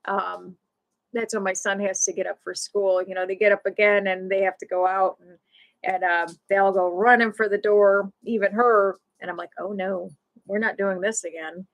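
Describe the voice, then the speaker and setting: A woman hosting a casual live stream, chatting to her viewers at a middle pitch. She rambles through a story, packing it with fillers and lively asides. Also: moderate pace. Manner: rambling, filler-heavy, animated. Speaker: livestream host.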